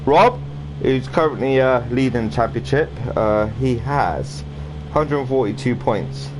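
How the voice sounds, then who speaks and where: A man's voice: medium pitch, lively intonation, a little slow. A man casually commentating a sim racing stream, rambling and chatty with lots of fillers and restarts. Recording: noisy home stream audio.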